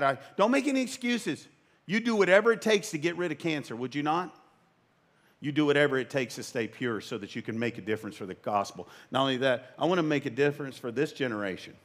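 This sermon comes from a pastor in his fifties with a slightly high voice. He's emphatic and conversational, with joking asides and sudden excited jumps in his voice.

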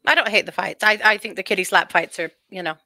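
A middle-aged woman chats easily as a podcast co-host, laughing often. Her voice is bright and forceful, recorded dry and close with no room sound. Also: medium pitch, fast, no room sound. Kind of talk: casual chat.

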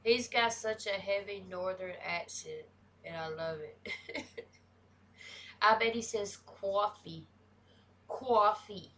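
A woman's voice: mid-range voice, slow, pauses often, noisy background. A woman with a Southern US country accent, talking casually and bluntly as she reacts to a video, swearing freely. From American South.

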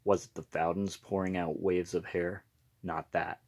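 A man reading a picture book aloud in a gentle, unhurried storytelling manner. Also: deep voice, level tone.

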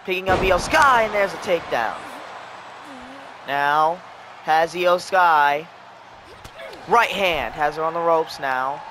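A man calling a wrestling video game match play by play, excitable and breaking into shouts at the near-falls. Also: a little high, slow pace, pauses often, slight background noise. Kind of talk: play-by-play commentary.

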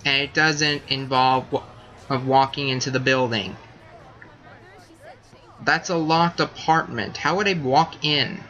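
A man's voice: mid-range voice, a little slow, long pauses, sharp tone, muffled recording, slight background noise. A young man giving casual, rambling let's-play commentary, often correcting himself as he goes. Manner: rambling, self-correcting, chatty. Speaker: gaming channel host.

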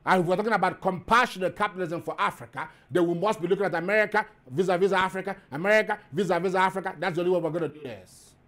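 A man's voice: high-pitched, racing, few pauses, fairly bright tone. A man hosting a show, delivering an impassioned, preaching monologue full of repetition and rhetorical questions. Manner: rising to emphatic peaks. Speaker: host.

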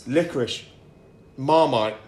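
A man's voice: mid-range voice, slow. A man co-hosting a casual beer-tasting chat, bantering and joking as he tastes and describes beers. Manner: jokey, bantering, animated. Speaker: podcast co-host. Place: indoors at a pub. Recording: echoey room, faint noise.

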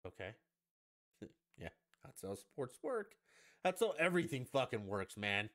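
Sarcastic, profane podcast host, lower pitch and a very lively delivery. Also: male voice, a little slow. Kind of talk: ranting solo podcast.

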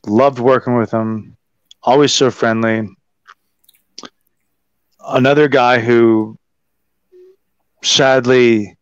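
Gravelly man telling stories on a livestream. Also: mid-range voice, dry recording. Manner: rambling, warm storytelling with many fillers. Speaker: wrestling podcast guest. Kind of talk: casual livestream chat. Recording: dull, dry lo-fi stream audio.

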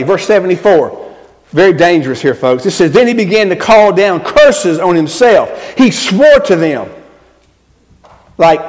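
A man preaching, pitched high for a man. He talks to his congregation in a conversational way, checking in with them as he goes. His voice rings with the long reverb of a church sanctuary. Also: lively intonation, normal speed, a little mellow. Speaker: pastor. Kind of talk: sermon.

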